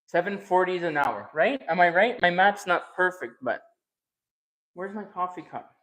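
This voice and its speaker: A man chatting casually while he cooks on camera, thinking out loud and teasing his viewers. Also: high-pitched, lively intonation, moderate pace. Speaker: cooking and eating vlogger. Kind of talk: casual chat while cooking.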